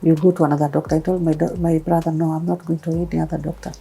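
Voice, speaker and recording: A Kenyan woman in her thirties tells her own story as an interview guest. Her voice sits a little low and mellow, and she brings the people in her story to life as she tells it. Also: racing, creaky, husky, low-quality recording. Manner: animated storytelling, acting out quoted voices. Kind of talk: personal testimony interview.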